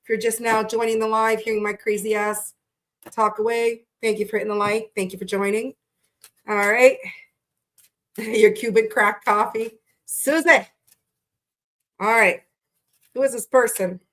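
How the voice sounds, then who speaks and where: This tarot reader runs a casual livestream chat, welcoming viewers by name and swearing liberally. Her voice runs on the high side and stays steady, and she speaks a little slowly, leaving long pauses.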